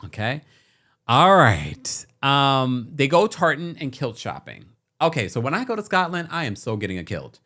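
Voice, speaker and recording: A man's voice: medium pitch, very animated, normal speed, pushed and bright. A man hosting a reality TV recap podcast, chatting casually and talking straight to his viewers.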